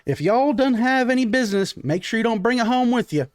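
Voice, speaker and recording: A domineering furbolg matriarch, voiced by a man in a loud, high falsetto that snaps out orders. The recording is dry and close. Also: animated, moderate pace, no echo. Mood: stern. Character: bossy domineering female furbolg mother.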